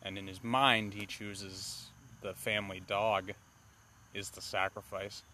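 A man with a fairly low voice talks through a movie review in loose, casual chat. He rambles, swears freely and gets animated as he goes. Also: a little slow, slight background noise. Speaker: podcast co-host.

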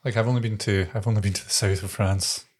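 Speaking quickly with a lowish, breathy voice and fairly even intonation, this young podcast co-host keeps the talk casual. He's a chatty storyteller who laughs a great deal.

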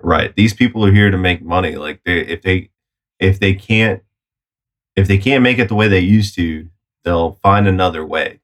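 A man co-hosting a casual political podcast, measured and explanatory, with many fillers. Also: low-pitched. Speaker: podcast co-host.

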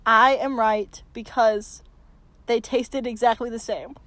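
A woman co-hosting a podcast, arguing in a playful, giggly way and turning loudly indignant. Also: a little high, steady tone, slow, no echo. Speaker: podcast co-host. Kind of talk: casual mock argument.

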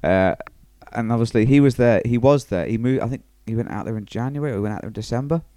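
A man's voice: mid-range voice, quick pace, mellow, no echo. A man in casual chat, talking easily and often restarting his sentences. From England. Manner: chatty, repeats words when restarting.

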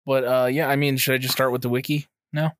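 A man's voice: medium pitch, little pitch movement, quick pace, dry recording, studio quality. A man co-hosting a podcast in casual chat, laughing often as he retells clips. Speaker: podcast co-host.

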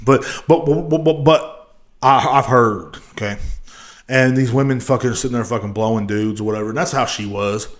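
A man's voice: medium pitch, normal speed. Crude rambling male podcast host. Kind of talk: casual rant.

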